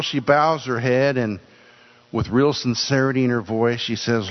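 A man's voice: mid-range voice, moderate pace. An older man preaching a sermon in an earnest way, often repeating words for emphasis. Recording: dull sound with long hall reverb.

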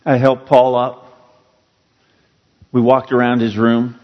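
Male pastor, earnest storytelling sermon, mid pitch, recorded in an echoing sanctuary. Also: flat delivery, slow, muffled recording. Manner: earnest, storytelling, rising emphasis on key words. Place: church sanctuary.

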